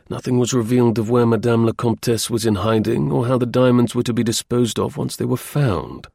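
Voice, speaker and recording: A man reading a historical novel aloud as an audiobook narrator, with measured, dramatic storytelling. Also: medium pitch, vocal fry, a little mellow, husky, no room sound, studio quality.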